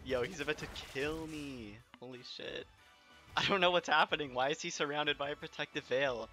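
A man's voice: on the high side, moderate pace, pushed and bright, soft background music. A man streaming a video game live, overexcited and shaking, exclaiming and laughing between apologetic rambles into a clipping desk mic. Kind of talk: live gaming stream commentary. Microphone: desk microphone, audio clipping.

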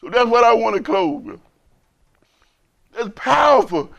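Imam preaching, high voice, emotional and fired up, repeats lines over and over, dry close sound. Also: male voice, big pitch swings, a little slow, vocal fry, fairly bright tone, no room sound. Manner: repeats phrases for emphasis. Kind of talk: sermon.

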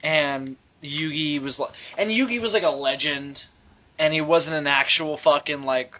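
A young man co-hosting a podcast, excitable and profane, with lots of fillers. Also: on the high side, moderate pace. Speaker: podcast co-host. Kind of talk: casual chat. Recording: dull lo-fi podcast audio.

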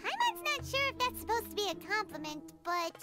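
A woman's voice: very high voice, sing-song, fairly quick, pushed and bright, long reverb tail, faint music behind, heavily acted. A woman voicing a tiny, chatty, fairy-like female companion in a video game who talks about herself in the third person. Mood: chirpy.

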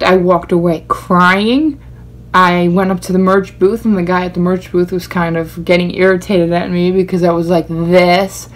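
A young woman vlogger chatting to camera in a slightly low voice. She rambles and gushes, piling words on top of each other as she tells her story. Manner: excitable, rambling, gushing. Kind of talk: casual chat to camera.

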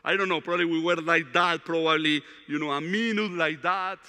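Guy preaching a testimony in a big hall, high bright voice, long echo. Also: fairly even intonation, a little fast. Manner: heartfelt storytelling, plain non-native English. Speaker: retreat speaker. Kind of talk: testimony talk.

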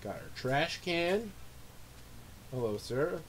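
A young man recording let's play commentary, swearing and swinging from low muttering to sudden shrieks of disgust. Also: big pitch swings, slow pace, slight background noise. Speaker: gamer, channel host.

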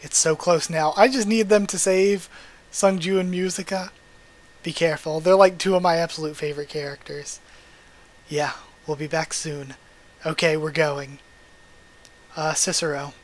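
A man's voice: fairly high pitch, fairly even intonation, moderate pace, pauses often, poor audio. Emotional man reading a manga aloud. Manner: emotional, tearful, chatty asides. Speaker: manga readthrough host.

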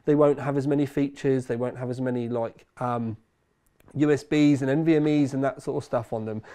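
British male tech host, middle-aged, casual rambling delivery, slightly hoarse. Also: medium pitch, dark tone. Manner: conversational, rambling with self-corrections. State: slightly hoarse, recovering from illness. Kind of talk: casual review chat.

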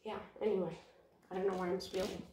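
A woman's voice: mid-range voice, little pitch movement, quick pace, warm tone. A young woman dog trainer, out of breath, giving a chatty, rambling training lesson. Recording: echoey room from far off.

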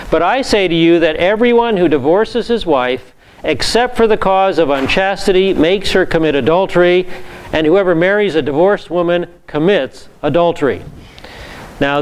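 A male pastor teaching a Bible class, reading scripture and explaining it with lively asides. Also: on the high side, smooth.

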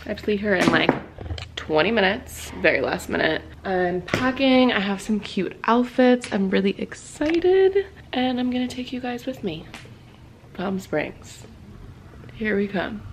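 A woman's voice: mid-range voice, animated, measured pace. A woman vlogger talking casually and bubbly to her camera. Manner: bubbly, chatty. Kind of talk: casual vlog chat to camera. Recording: noisy background.

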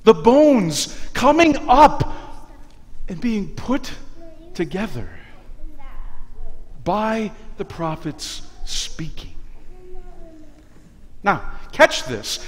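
A man preaching a sermon as pastor, emphatic, with rhetorical questions and dramatic pauses. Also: high-pitched, very animated. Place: church sanctuary. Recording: long church reverb.

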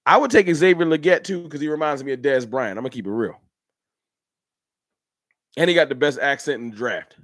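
A man hosting a casual fan livestream, talking in an animated, slangy way and answering his chat by name. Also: mid-range voice, a little fast, pauses often, no echo, clean studio sound. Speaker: livestream host. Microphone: streaming setup.

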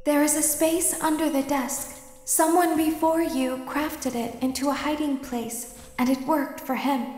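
A woman voicing a calm, mysterious female animatronic who gives slow, cryptic warnings in the dark. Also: high-pitched. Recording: echoey game audio with long reverb.

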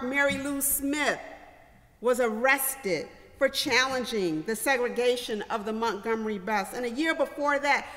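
A woman pastor preaches slowly and deliberately, leaning on repeated refrains. Her voice is bright and fairly high. It rings through a church sanctuary with a long, lingering reverb. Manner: slow, rhythmic, repeating refrains. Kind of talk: sermon.

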